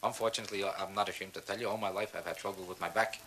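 Stand-up guy rattling off deadpan brags quick, noisy live tape, crowd laughing. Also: low-pitched. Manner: deadpan boastful delivery with mock-serious asides. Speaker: stand-up comedian. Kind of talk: stand-up routine. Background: audience laughter.

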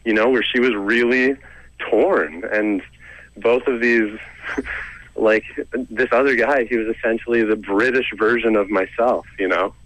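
A man's voice: lowish voice, fairly even intonation, unhurried, a bit bright, no echo, poor audio. A young Canadian man, a comedian and storyteller, telling a self-deprecating story in a casual, rambling way with lots of "like" and "you know".

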